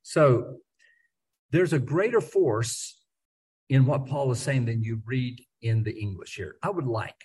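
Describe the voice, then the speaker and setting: Man, Bible study teacher, husky voice, mid pitch, conversational, repeats words, emphatic. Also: slow pace, a little mellow, low-quality recording.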